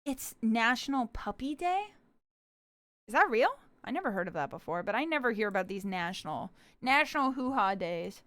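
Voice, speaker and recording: Bubbly high-voiced young woman streamer. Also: big pitch swings, normal speed, fairly bright tone, no echo. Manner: bubbly, giggly, talks to chat and plays a cutesy puppy-girl persona. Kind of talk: casual live-stream chat.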